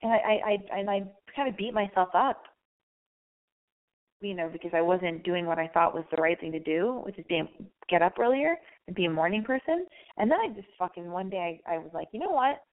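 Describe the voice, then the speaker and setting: A woman hosting a casual call-in radio advice show, raspy and hoarse from losing her voice, talking candidly in a rambling way and swearing freely. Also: fairly low pitch, expressive, a little fast, narrow, tinny audio.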